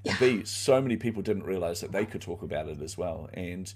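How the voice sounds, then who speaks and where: A man's voice: sits low, animated, a little fast, darkish tone, husky. A middle-aged man, an author guest in an interview, telling his story candidly and animatedly with plenty of fillers. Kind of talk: conversational storytelling.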